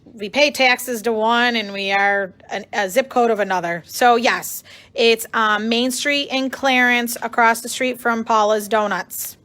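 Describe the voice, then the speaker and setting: A woman's voice: fairly high pitch, steady tone, a little slow, a bit bright. A woman co-hosting a live sewing stream in a shop, friendly and chatty, answering viewers. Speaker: co-host, shop representative.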